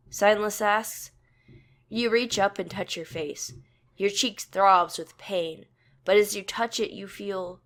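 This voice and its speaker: A woman reading a second-person fanfic as narrator in a plain, even storytelling manner. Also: mid-range voice, slow.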